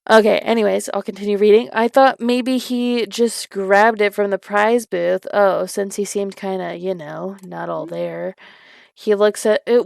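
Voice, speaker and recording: A woman's voice: mid-range voice, vocal fry, darkish tone, smooth, dry recording, clean studio sound. A young woman reading creepy stories aloud, breaking off for casual, giggly asides full of filler words. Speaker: story reader.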